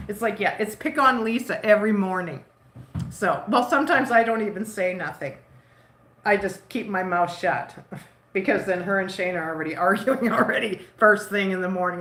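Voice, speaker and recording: A woman's voice: mid-range voice, moderate pace, a bit bright. A woman in her fifties chatting casually with live viewers from a home kitchen, rambling and giggly. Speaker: livestream host. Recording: roomy echo.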